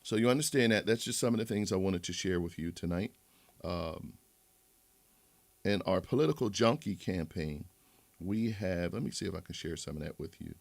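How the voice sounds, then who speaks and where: A man's voice: low voice, moderate pace, creaky, dry recording. A man hosting a livestream, rambling and moralizing in a casual monologue with many restarts. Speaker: livestream host.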